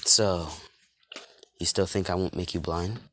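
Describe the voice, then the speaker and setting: A man's voice: low-pitched, steady tone, a little slow, a bit bright, slight background noise. A man voicing a smug, cocky teenage boy who taunts everyone around him.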